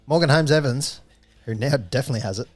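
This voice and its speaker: A man's voice: mid-range voice, no echo, soft background music. An Australian man hosting a casual podcast, bantering wryly and reading sponsor plugs. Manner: wry, exasperated, quick reads of sponsor plugs. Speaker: podcast host. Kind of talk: casual banter and show intro.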